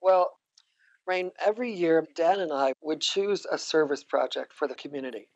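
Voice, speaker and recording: A woman's voice: low voice, moderate pace, lo-fi sound. An older woman, a guest on a podcast, telling reflective personal stories and laughing often. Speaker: interview guest, psychotherapist. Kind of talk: conversational storytelling.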